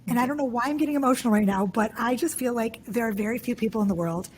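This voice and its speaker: Woman, podcast host, around fifty, high voice, very fast, effusive, chatty. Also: darkish tone, a little hiss or hum. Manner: effusive, gushing, quick and chatty. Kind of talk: casual podcast interview.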